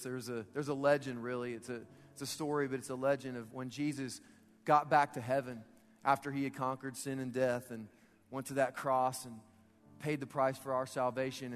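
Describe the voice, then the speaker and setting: A man preaching a sermon, conversational and repetitive, rising to emphatic peaks. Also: medium pitch. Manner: conversational, repeats words, rises to emphatic peaks. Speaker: pastor. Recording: reverberant hall with soft music.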